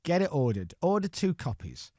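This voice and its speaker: A man's voice: on the high side, moderate pace, no room sound, clean studio sound. A man hosting breakfast radio chat, telling stories and acting out the voices he quotes. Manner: animated storyteller, acts out quoted voices. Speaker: radio host. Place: radio studio. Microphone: studio mic.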